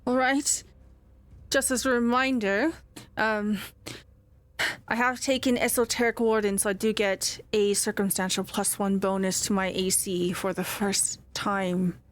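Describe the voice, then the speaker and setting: A woman's voice: medium pitch, fairly even intonation, unhurried. A woman player in a tabletop game, speaking casually and matter-of-factly about rules and her character.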